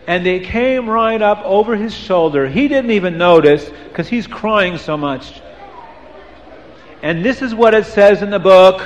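High-pitched man telling a moral story. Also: a little slow, long reverb tail, muffled recording, a little hiss or hum. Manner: hushes listeners, swings between soft and emphatic.

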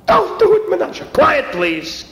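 A man doing a high, whiny, panicky vice president. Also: very animated, a little fast. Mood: pleading. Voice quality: high, pleading and fussy. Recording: roomy echo.

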